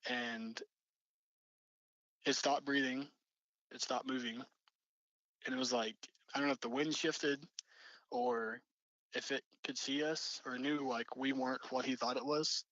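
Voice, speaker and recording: A man's voice: mid-range voice, steady tone, measured pace, long pauses, pushed and bright, no room sound, lo-fi sound. A young man telling a story casually, rambling with lots of fillers and restarts. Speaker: storyteller recounting an encounter.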